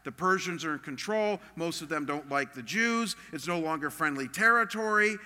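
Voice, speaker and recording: A man's voice: a little high, lively intonation, moderate pace, sharp tone, big-room sound. A man preaching a sermon as a pastor, earnest and emphatic in a conversational way.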